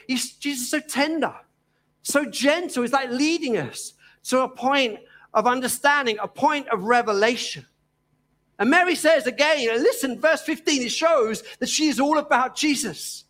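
A man with a Cockney accent from East London preaching a sermon. His voice sits very high for a man, and he takes his time, pausing often between phrases. His delivery is earnest and gently emphatic. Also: animated.

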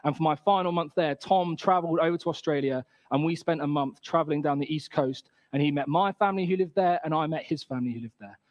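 A man tells a personal story to a gathering in a relaxed, chatty manner, acting out the other people's lines. His voice sits a little higher than most men's. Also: fast, hardly any pauses, dull audio. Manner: casual, chatty, with fillers and acted-out quotes.

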